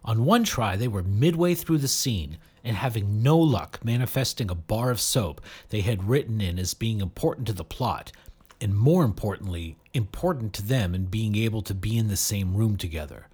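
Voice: mid-range voice, moderate pace, slightly rough. A storyteller narrating an audiobook expressively. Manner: expressive, animated.

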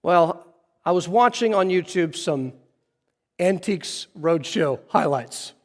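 A man's voice: sits high, expressive, slow pace, big-room sound. A man preaching a sermon, telling a story earnestly and restarting his phrases often. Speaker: pastor. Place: church sanctuary.

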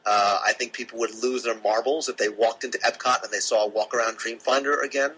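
A man's voice: medium pitch, steady tone, a little fast, pushed and bright, rough recording. A man chatting casually as a podcast guest, thinking aloud with plenty of fillers from his own room. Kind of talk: casual chat. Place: his own room, away from the live audience.

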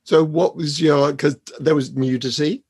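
A hoarse British man asks questions in a hesitant, restarting way. His voice is husky and breathy, recorded close and dry with no room sound. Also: on the high side, fairly even intonation, unhurried, darkish tone, no echo. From Britain. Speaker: interviewer. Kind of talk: casual interview questions.

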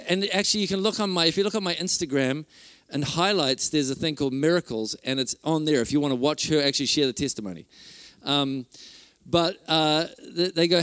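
A male pastor tells stories from a conference stage, slightly higher-pitched than most men. He speaks in an animated, excitable way, full of ums and restarts. The sound is dry and close, with no echo. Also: fairly quick, smooth. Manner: animated, excited storyteller, laughs and fillers. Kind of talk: conference sermon storytelling.

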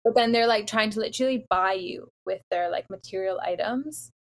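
A young woman from the Los Angeles area chatting casually, telling a dating story in an animated way with lots of "like" fillers. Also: medium pitch, fairly quick. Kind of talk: casual chat.

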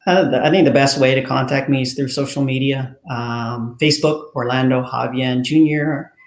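A man with a gravelly voice, speaking as a guest author. He tells his story with animation, acting out each person's lines. His voice rings in an echoey room. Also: mid-range voice, steady tone, normal speed. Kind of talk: interview storytelling.

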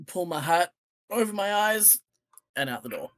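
A player in a tabletop game, speaking in a laid-back, deliberate way. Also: mid-range voice, lively intonation, a bit bright. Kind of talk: in-character tabletop play.

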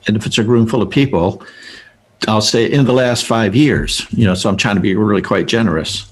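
A man's voice: fairly low pitch, fairly quick, breathy edge. A man speaking to a group as a Christian speaker, telling a story in an earnest, rambling way, restarting and correcting himself often.

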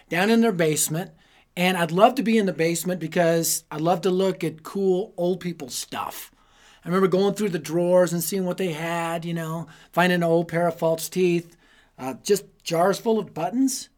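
A man hosting a youth ministry teaching episode, telling stories with animated, dramatic delivery. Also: sits high. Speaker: youth ministry speaker and host. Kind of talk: evangelistic teaching talk with storytelling.

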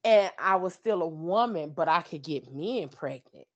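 A woman's voice: fairly low pitch, expressive, normal speed. A woman in a casual podcast chat, laughing and correcting how her answer was retold. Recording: dull lo-fi recording.

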